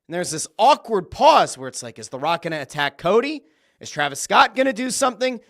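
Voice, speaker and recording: Male podcast host, fairly high voice, very lively delivery, excitable storyteller who swears casually. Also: a little fast, creaky. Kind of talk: solo wrestling commentary podcast.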